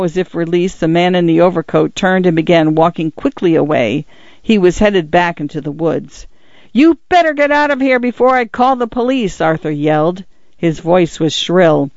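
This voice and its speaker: In this audiobook narration, a man reads a tense literary story with measured, dramatic pacing. His voice is fairly high for a man, creaky and darkish, captured in a dry, close recording with no echo that sounds slightly muffled and dull.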